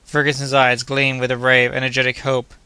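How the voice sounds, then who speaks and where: A man reading a classic adventure novel aloud in a steady, measured narration. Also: medium pitch, clean tone, no room sound. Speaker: audiobook narrator. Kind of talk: scripted narration.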